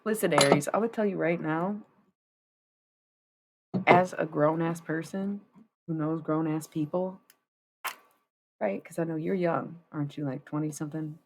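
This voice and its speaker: Low-voiced woman in her 30s doing a chill tarot stream, swears a lot, faint hiss behind. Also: fairly even intonation, measured pace, long pauses. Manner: loose, profane and chatty. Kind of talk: casual livestream chat.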